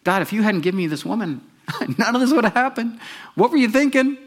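A man's voice: sits high, lively intonation, a little fast, pitched above the performer's own voice. A man voicing the first man as an exasperated, indignant figure who shifts the blame. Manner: whiny, indignant.

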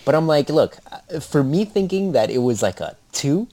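A man co-hosting a casual podcast, retelling movie plots in a rambling, profane, animated way. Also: a little high, moderate pace. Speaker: podcast co-host.

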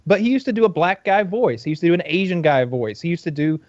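A man's voice: high voice, sing-song, quick pace, a little mellow, dry recording. A man in casual podcast chat, blunt and opinionated, with stammering restarts. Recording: dull dry mic sound.

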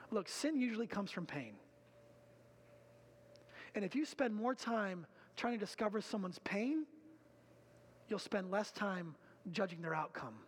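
A male pastor giving an energetic, conversational sermon with casual asides and building emphasis. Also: high-pitched, big-room sound.

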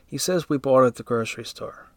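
A man reading a first-person story aloud in a steady, even narrating voice. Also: medium pitch, fast, dry recording.

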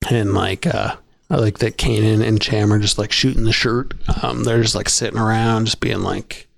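A man's voice: fairly low pitch, steady tone, normal speed, gravelly, no echo, clean studio sound. A man co-hosting a podcast, talking chattily with lots of "like" and "um" in a casual discussion. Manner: chatty, filler-heavy, laughs often. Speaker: podcast co-host.

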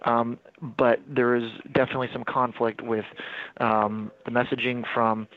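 A man's voice: medium pitch, flat delivery, normal speed, phone-quality sound. Man giving fluent market analysis. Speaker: market news anchor. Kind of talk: market commentary.

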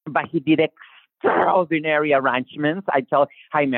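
A singer-songwriter guest with a Latin American Spanish accent talks animatedly about his music in a casual interview, restarting sentences and acting out quotes. His husky, medium-pitched voice moves at a moderate pace over a tinny, phone-like line, completely dry with no room sound.

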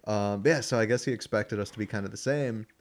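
A man's voice: fairly low pitch, quick pace. A man in his twenties telling a story in casual chat, laughing often and acting out quoted voices. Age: 20s.

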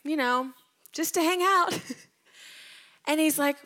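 Slow, animated woman retelling Bible stories. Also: high-pitched. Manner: animated retelling that drops to a whisper at tender moments. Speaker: Bible teacher. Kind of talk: casual devotional storytelling.

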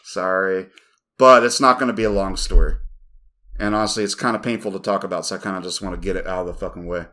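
A man's voice: sits low, fairly even intonation, fast, sharp tone. A man co-hosting a podcast, telling a rambling, profane story in casual chat. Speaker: podcast co-host.

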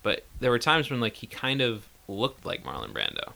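A man co-hosting a podcast, talking about films in a hesitant, halting way and laughing often. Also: on the low side, huge pitch swings, creaky, bright, forceful tone. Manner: hesitant, many fillers and restarts, laughs often. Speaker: podcast co-host. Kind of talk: casual film discussion.

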